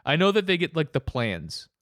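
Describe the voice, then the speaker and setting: A man chatting casually, rambling with halting restarts and laughing as he goes. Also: fairly high pitch, bright, forceful tone, no room sound, clean studio sound. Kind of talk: casual chat.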